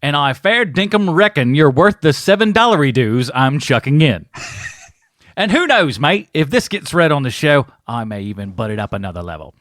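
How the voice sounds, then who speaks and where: A man's voice: a little high, very animated, moderate pace, fairly bright tone, no room sound, clean studio sound. A man reading a fan letter in an exaggerated put-on Australian accent, playing a cheerful, slangy Aussie bloke. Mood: cheery, slangy.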